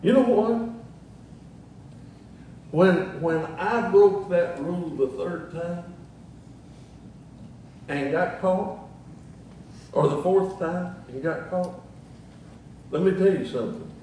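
A man's voice: sits high, slow, long pauses, dark tone, very echoey, recorded from a distance, slight background noise, rough recording. An older man preaching a sermon in a folksy way, chuckling at his own jokes between scripture quotes.

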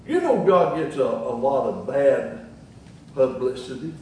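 A man's voice: medium pitch, very animated, unhurried, a little mellow, heavy reverb, recorded from a distance, slight background noise, poor audio. An older man preaching a sermon in a folksy way, chuckling at his own jokes between scripture quotes.

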